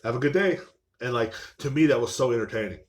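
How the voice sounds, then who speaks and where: A man talks in a loose, rambling rant on his own live-streamed podcast, swearing constantly. His breathing is labored and audible, and his pitch sits in the ordinary middle range for a man. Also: quick pace. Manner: profane, rambling, mocking. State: short of breath. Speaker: podcast host. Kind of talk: casual rant. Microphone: live stream mic.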